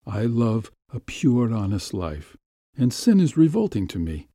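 A man's voice: mid-range voice, very animated, measured pace, mellow, no echo, studio quality. A man reading as a tearful, remorseful young wife. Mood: pleading. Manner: anguished, self-reproaching confession.

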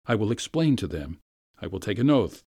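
A man's voice: fairly low pitch, very animated, moderate pace, darkish tone, no echo, clean studio sound. A man reading a story aloud, voicing a frightened, tearful young governess. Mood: anxious. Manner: trembling, tearful pleading.

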